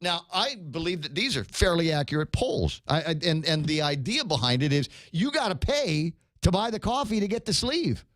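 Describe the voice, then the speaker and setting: A chatty male radio host with a slightly higher voice than most men. He talks casually, often restarts his sentences and laughs at his own jokes. The studio sound is dry and close. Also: animated, moderate pace, hardly any pauses, fairly bright tone, no room sound. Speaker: radio talk show host. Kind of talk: casual morning radio chat.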